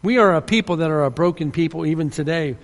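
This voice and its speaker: A man's voice: a little high, fast, creaky. A man preaching a sermon, earnest and emphatic, often restarting his sentences. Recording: long hall reverb.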